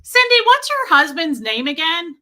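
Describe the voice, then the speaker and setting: A woman mimicking a loud, oblivious woman who chats on speakerphone in public, breezy and talking over everyone. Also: fairly high pitch, moderate pace, vocal fry.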